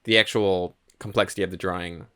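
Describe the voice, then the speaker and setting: A man co-hosting a film history podcast, talking in a relaxed way full of "like" and "um". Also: low voice, a little fast, clear, resonant tone. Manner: relaxed, hedging with "like" and "um". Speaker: podcast co-host. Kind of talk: casual film history chat.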